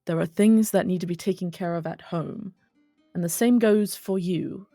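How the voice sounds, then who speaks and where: A stern noble mother who lays down the law in a quiet, commanding voice, with a woman voicing her. The voice sits low in a dry room, and faint guitar plays under it. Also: steady tone, normal speed, no echo, lightly acted.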